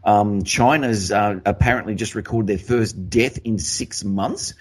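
A man's voice: on the low side, a little slow. An Australian man hosting a talk podcast, ranting emphatically and swearing as he talks. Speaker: podcast host. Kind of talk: casual conspiracy talk show.

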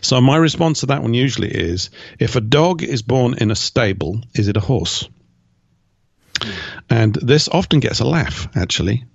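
A man's voice: mid-range voice, expressive, moderate pace, vocal fry, few pauses, slightly rough, dry recording, lo-fi sound. A man giving emphatic, opinionated answers as an interview guest, with mocking asides. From Britain.

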